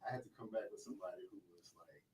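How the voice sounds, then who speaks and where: A man's voice: on the low side, fairly even intonation, very fast, darkish tone. A man hosting a podcast in casual chat, slangy and checking in with "right?" as he talks. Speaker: podcast host. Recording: echoey room, mic at a distance, faint noise.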